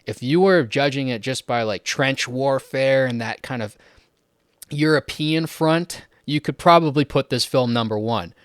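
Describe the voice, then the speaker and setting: A man's voice: medium pitch, measured pace, no room sound, clean studio sound. A man talking casually and eagerly about films he loves, with frequent likes and ums as he goes. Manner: chatty and enthusiastic, many likes and ums. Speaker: film list channel host. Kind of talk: casual film review talk.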